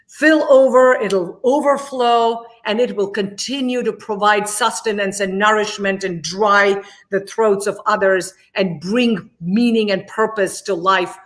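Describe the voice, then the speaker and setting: A woman gives an interview as the guest. She speaks passionately, stresses her points and repeats words to drive them home. Her voice sits at an ordinary middle pitch. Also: a bit bright. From India. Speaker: guest, immigration attorney.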